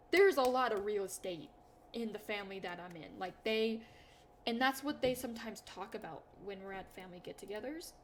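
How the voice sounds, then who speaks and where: Talking to the camera, this young woman, a YouTuber, tells self-deprecating stories in a rambling, casual way, full of fillers and restarts. Her voice is medium in pitch, with a little hiss or hum in the recording.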